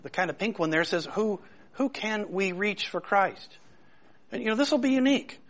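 A man's voice: sits high, animated, moderate pace, a bit bright. A man preaching a conversational sermon, informal and full of rhetorical questions. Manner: informal and searching, poses many rhetorical questions. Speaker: pastor.

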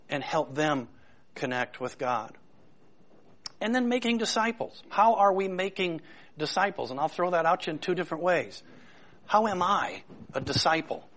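A man's voice: fairly high pitch, a bit bright. Questioning man preaching. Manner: informal and searching, poses many rhetorical questions. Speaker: pastor. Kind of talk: conversational sermon.

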